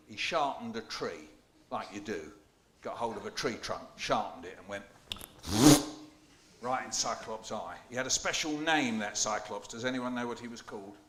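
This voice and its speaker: A man hosting a school poetry launch, playful and jokey, quizzing the children and performing for them in a hall. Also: mid-range voice. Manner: playful, jokey, animated, asks the children questions. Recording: echoey hall.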